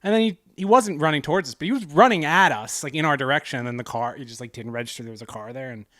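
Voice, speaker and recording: A man's voice: on the high side, racing, sharp tone, no echo, studio quality. A man co-hosting a casual comedy podcast, riffing crudely with lots of profanity and voiced impressions. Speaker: podcast co-host.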